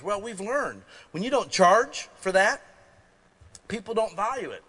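A man preaching a sermon as pastor in a folksy, conversational way, moving between quiet asides and loud emphasis. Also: high voice, big pitch swings, normal speed, breathy edge.

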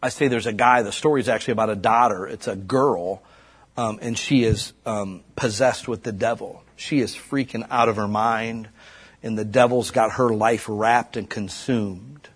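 A man preaching a sermon as a storyteller, climbing high and loud when stirred. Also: fairly even intonation, normal speed, husky. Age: adult parent.

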